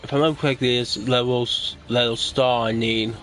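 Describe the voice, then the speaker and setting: A man's voice: medium pitch, fairly even intonation, fairly quick, fairly bright tone, faint music behind. A young man giving rambling, casual commentary over a card game as a streamer, stopping now and then to scold his cats. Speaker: gaming streamer.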